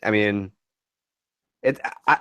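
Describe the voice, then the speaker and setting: Halting man in dry, close recording. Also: on the low side, sharp tone, no room sound. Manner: halting, restarts often, laughs while joking. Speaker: podcast co-host. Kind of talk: casual chat.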